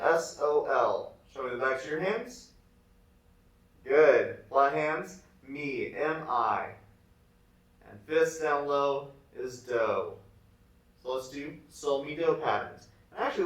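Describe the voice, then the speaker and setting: A man teaching a remote music lesson, leading students through rhythms in slow, patient call and response. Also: a little high. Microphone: camera set away from him. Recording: echoey room, far from the mic.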